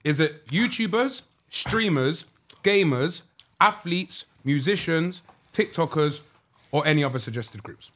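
A man's voice: on the high side, lively intonation, unhurried, fairly bright tone. A man hosting a casual podcast, playful and asking questions. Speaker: podcast host. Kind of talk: casual chat.

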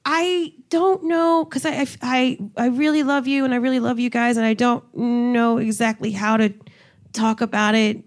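A woman hosting a comedy talk show in front of a live audience, brash and teasing with quick jokes. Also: a little high, steady tone. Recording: noisy studio with audience. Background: live studio audience.

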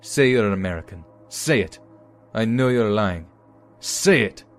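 A man playing a drunk, shouting bartender. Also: fairly low pitch, expressive, unhurried, soft background music, voice pushed up. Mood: threatening. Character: drunk hostile male bartender, shouting accusations.

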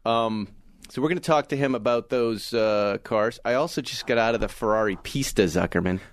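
A middle-aged man from Massachusetts co-hosting a casual car talk podcast, telling stories with animated enthusiasm. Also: fairly low pitch, brisk. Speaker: podcast co-host.

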